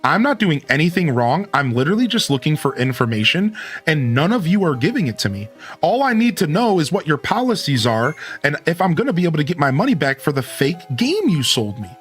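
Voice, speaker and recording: A man streaming, telling a long story to his chat and acting out both sides of phone calls with sudden jumps in pitch. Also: sing-song, brisk, soft background music.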